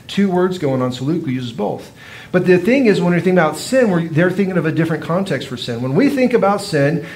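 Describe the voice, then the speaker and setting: Man preaching in a relaxed, chatty way. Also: on the high side. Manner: conversational teaching with rhetorical questions. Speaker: pastor. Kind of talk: sermon.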